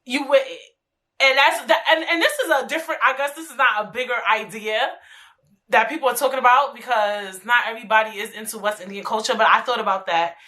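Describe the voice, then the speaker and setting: A woman hosting her own podcast, talking alone in a casual, animated, profane way with lots of slangy asides. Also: a little high, brisk. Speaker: podcast host. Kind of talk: casual solo podcast monologue.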